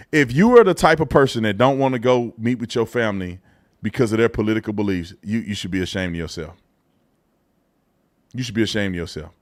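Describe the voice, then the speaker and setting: A man hosting a live talk show in a dry, close sound with no room echo. His voice sits at an ordinary middle pitch. He speaks bluntly and mockingly, with loose, casual phrasing and frequent restarts. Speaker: show host. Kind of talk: live political commentary show.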